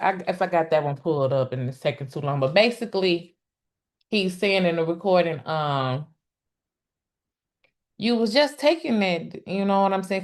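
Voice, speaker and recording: Chatty woman commentating live on a trial. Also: lowish voice. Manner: chatty, exclamatory, talks to her viewers directly; pauses often with "um" and restarts. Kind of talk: casual live-stream commentary.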